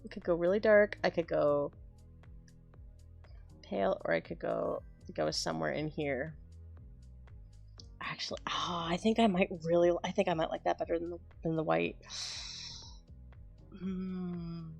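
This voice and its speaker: Woman artist, casual drawing stream, rambling, self-deprecating, lowish voice. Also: fairly even intonation, a little slow, gravelly, pauses often, darkish tone, dull audio, faint music behind. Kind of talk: casual chat while drawing.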